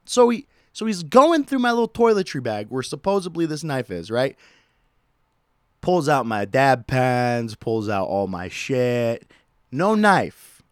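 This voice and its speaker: A man's voice: medium pitch, unhurried, smooth, no echo. Podcast guy telling a wild story, voice jumping up and down, swears a lot, dry close sound. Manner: animated, profane, laughing asides. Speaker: podcast host. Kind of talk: casual storytelling.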